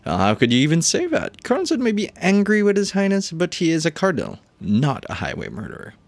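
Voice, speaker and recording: A man's voice: on the high side, wildly swooping pitch, fairly quick, no room sound, voice pushed up. A man reading out the lines of a guarded warrior from a video game. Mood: defensive. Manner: reading game dialogue aloud.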